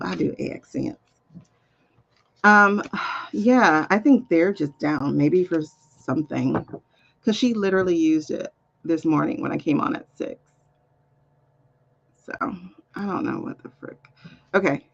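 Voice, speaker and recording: This live card reader has a fairly low, gravelly voice, and the recording sounds muffled. Chatting loosely with her stream, she mumbles to herself while getting links in order.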